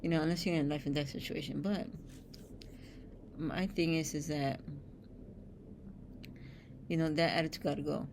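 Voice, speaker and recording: A woman's voice: deep voice, steady tone, moderate pace, long pauses, background noise. A woman hosting a spiritual show, reading oracle cards aloud and breaking off into blunt, streetwise asides with casual swearing. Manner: blunt, streetwise, swears freely, reads card texts aloud.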